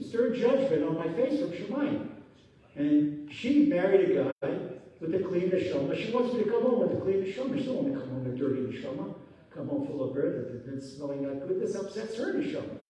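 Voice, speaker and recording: Rabbi guy w telling stories in his sermon, acts out the voices, booming echo, mic kinda far. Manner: animated storytelling, acting out quotes, sudden loud bursts. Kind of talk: Torah class sermon. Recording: echoey hall from far off.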